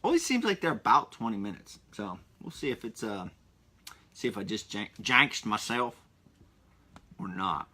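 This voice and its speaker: Bright-voiced chatty male podcast host. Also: lowish voice, big pitch swings, normal speed. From Pennsylvania. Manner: rambling and chatty, stalls with restarts and asides. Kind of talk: casual solo podcast monologue.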